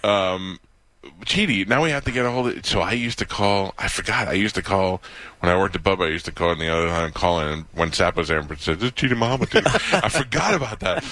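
A man hosting a radio talk show, excitable and quick to laugh. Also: low voice, no room sound.

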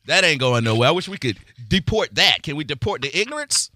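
A man's voice: fairly high pitch, sing-song, brisk, bright, forceful tone, no echo, clean studio sound. A male radio show host talking in brash, joking, streetwise banter.

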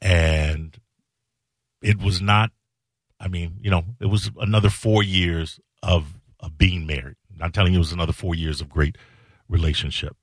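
A middle-aged man hosting a show, telling a personal story slowly and earnestly, with halting emphatic repetitions. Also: sits low, fairly even intonation, dry recording, clean studio sound. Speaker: show host.

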